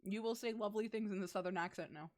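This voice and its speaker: A woman's voice: medium pitch, quick pace. A young woman streamer chatting casually on a stream, teasing and giggly. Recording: faint music behind.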